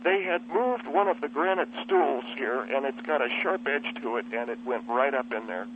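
A man's voice: medium pitch, moderate pace, slight background noise, pitched below the performer's own voice, lightly acted. A man voicing a defensive, pompous self-styled spiritual leader on a comic radio show, stammering through his explanations. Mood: touchy, flustered. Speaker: guest. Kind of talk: comic radio call-in character. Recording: tinny phone line with flute music.

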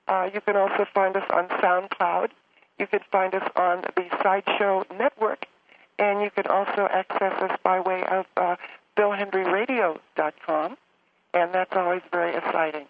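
A man's voice: high-pitched, steady tone, normal speed, pitched above the performer's own voice. A man voicing an earnest, chatty woman who hosts a podcast, calling in to plug her show. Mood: promotional. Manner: upbeat plugging, earnest. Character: chatty female podcast-host caller. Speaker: caller. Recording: noisy tinny phone line.

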